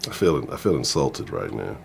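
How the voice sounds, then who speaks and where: A man hosting a live sports talk stream, ranting in an animated, profane, casual way. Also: very deep voice, moderate pace, creaky, slight background noise. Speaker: sports talk show host.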